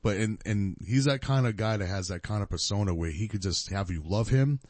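A man's voice: lowish voice, fairly quick, darkish tone, no echo. A man co-hosting a podcast, telling long, rambling stories in casual chat and correcting himself as he goes. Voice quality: rambling, self-correcting storyteller. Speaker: podcast co-host.

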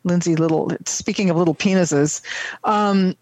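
A woman's voice: on the low side, normal speed, a little mellow. A woman co-hosting a casual political chat, reading listener comments aloud with wry asides. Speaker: co-host.

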